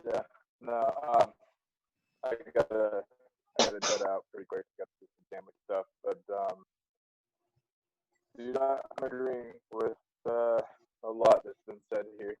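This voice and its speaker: A man's voice: lowish voice, fairly even intonation, unhurried, pauses often, darkish tone, lo-fi sound. A man joining a podcast discussion, speaking hesitantly with many fillers. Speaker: podcast guest. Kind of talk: casual discussion.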